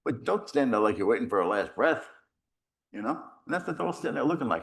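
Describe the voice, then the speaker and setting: A middle-aged man, a priest, giving a rambling, animated retreat talk full of stories and self-deprecating humor. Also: medium pitch, fast. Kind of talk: conversational retreat conference, storytelling.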